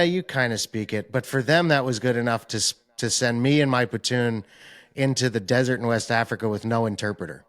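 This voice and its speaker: Young American guy hosting a podcast, mid-pitched voice, loose and casual delivery. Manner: relaxed and informal, with frequent fillers like "like" and "um". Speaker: podcast host. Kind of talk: casual interview chat.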